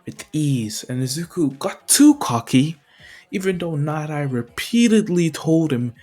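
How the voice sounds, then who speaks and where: A man's voice: a little high, expressive, unhurried, a little mellow, soft background music. A man casually retelling a fan story, rambling with many fillers and chuckles. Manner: rambling, full of fillers and laughs.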